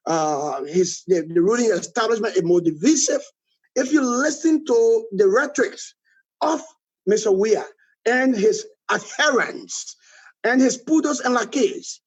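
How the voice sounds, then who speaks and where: Emphatic Liberian man, husky voice. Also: high voice, rough recording. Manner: emphatic, repeats "all right?" often. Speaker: political guest. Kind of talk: critical political commentary.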